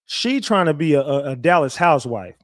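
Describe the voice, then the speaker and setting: A man hosting a livestream, animated and profane as he retells a court hearing with lots of restarts. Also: fairly high pitch, fairly quick, no room sound, clean studio sound. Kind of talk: casual livestream storytelling.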